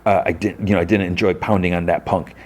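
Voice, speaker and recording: Low-voiced man recapping a TV episode. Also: fairly even intonation, quick pace, darkish tone. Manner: retells scenes with constant "like" and quoted lines. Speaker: podcast host.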